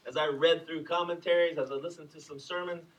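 A middle-aged man preaching a sermon in an animated, conversational way, with asides to his listeners. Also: fairly high pitch, fairly quick, far from the mic, rough recording. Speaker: pastor.

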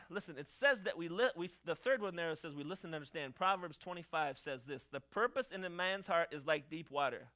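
Male pastor, middle-aged; high, bright voice, halting delivery that builds to fervent sermon emphasis. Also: expressive. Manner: halting, repeats words, rises to loud fervent emphasis. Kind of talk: sermon teaching a class.

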